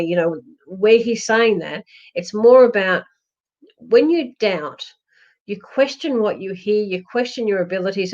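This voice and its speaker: A woman's voice: medium pitch, a little mellow. A woman giving psychic readings on a live stream, reassuring and rambling, with many fillers and restarts. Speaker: psychic medium. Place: home, during a lockdown. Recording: dull lo-fi livestream audio.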